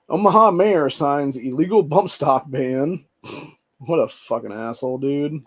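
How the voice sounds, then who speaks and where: A man's voice: medium pitch, darkish tone. Profane ranting American male podcast host. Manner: says "dude" often. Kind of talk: solo commentary reading news headlines.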